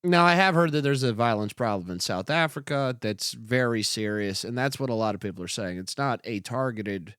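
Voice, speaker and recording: A man's voice: mid-range voice, lively intonation, fairly quick, few pauses, a bit bright, smooth, no echo, clean studio sound. A young man hosting a comedy podcast, reacting to news clips with sarcastic, profane, rambling commentary.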